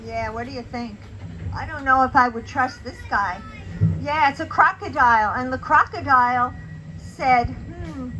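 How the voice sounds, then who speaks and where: A woman's voice: sits high, unhurried, sharp tone, a little hiss or hum, low-quality recording. A woman telling a children's story, asking her young listeners questions as she goes.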